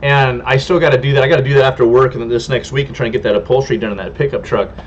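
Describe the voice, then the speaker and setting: A man's voice: mid-range voice, steady tone, racing, a little hiss or hum. Rambling man hosting a homestead livestream. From California. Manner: rambling and friendly, stumbles over names. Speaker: homestead channel host. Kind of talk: casual livestream chat, reading viewer comments. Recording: dull lo-fi stream audio.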